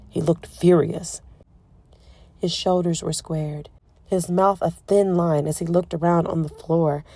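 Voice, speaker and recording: A woman narrating a romance audiobook in a soft, emotive storytelling manner. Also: lowish voice, dry recording. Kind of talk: scripted narration.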